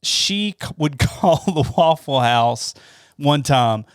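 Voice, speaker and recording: A man from Georgia chatting on a podcast, his voice sitting a little high for a man. He laughs often and stumbles over his words. The sound is dry and close. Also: lively intonation, slow, no room sound. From Northeast Georgia. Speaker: podcast co-host. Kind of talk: casual chat.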